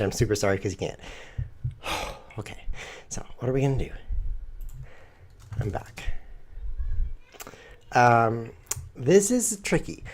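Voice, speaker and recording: A man's voice: medium pitch, darkish tone. A man streaming a chess game, thinking aloud in a playful, rambling way. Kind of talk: live chess commentary.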